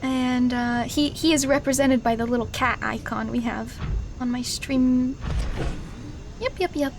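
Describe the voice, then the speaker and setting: A woman's voice: high-pitched, measured pace, faint music behind. A woman streaming a game, chatting casually and laughing constantly, breaking into shrieks when startled. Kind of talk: casual live-stream gaming chat.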